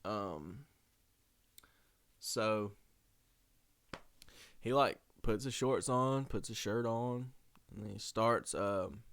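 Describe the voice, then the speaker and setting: Young male podcast host, animated and slangy, with a smooth tone and close, dry mic sound. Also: fairly low pitch, drawn-out words, pauses often, no room sound. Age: young adult. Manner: animated, slangy, laughs often. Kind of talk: casual storytelling.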